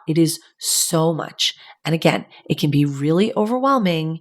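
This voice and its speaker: A woman's voice: deep voice, moderate pace. A young adult woman hosting a casual parenting advice talk, chatty and full of "like" asides. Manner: chatty, lots of "like", animated asides. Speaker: podcast host.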